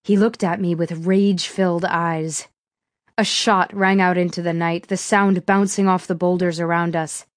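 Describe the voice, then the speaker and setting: A woman reading a first-person thriller audiobook in a steady, measured way. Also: lowish voice, no room sound, clean studio sound. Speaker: audiobook narrator.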